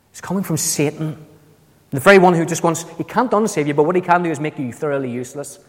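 A man preaching a sermon to a congregation, emphatic, his voice leaping up on key words. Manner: emphatic, swings up to high ringing stresses. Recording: echoey hall with long reverb.

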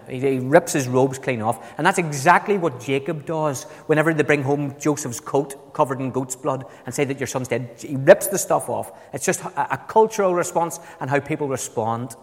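A man preaching a sermon to a congregation, emphatic, his voice leaping up on key words. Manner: emphatic, swings up to high ringing stresses. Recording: echoey hall with long reverb.

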